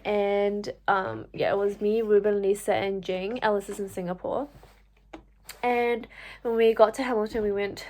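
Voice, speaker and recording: Telling a personal story to camera, this young female vlogger speaks in a chatty way packed with fillers and "like." Her mid-range voice moves at a normal speed and livens up when she quotes herself.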